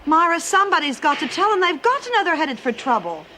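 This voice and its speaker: A woman's voice: very high-pitched, big pitch swings, fast talker, sharp tone, a little hiss or hum, exaggerated voice, low-quality recording. An actress playing an anxious, earnest female inmate, pressing her point urgently. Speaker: prison inmate.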